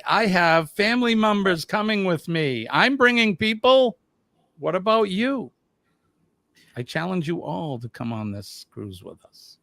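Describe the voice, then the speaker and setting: A man co-hosting a casual livestream chat, lively and quick to laugh. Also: sits high, dry recording, clean studio sound. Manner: lively, laughs often, drawn-out banter. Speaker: livestream co-host.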